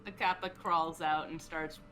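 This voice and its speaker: A woman game master narrating a tabletop game in a relaxed, giggly way with lots of fillers. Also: low-pitched, a little slow, soft background music.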